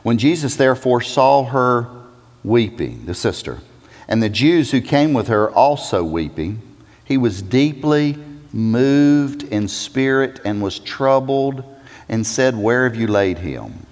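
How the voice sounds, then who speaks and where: A male pastor preaching with a lively, wide-ranging pitch, dropping to a hush and then rising to near shouts. His voice rings out with a long reverb, as in a church sanctuary. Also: slow. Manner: dramatic, swings from loud to hushed. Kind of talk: sermon.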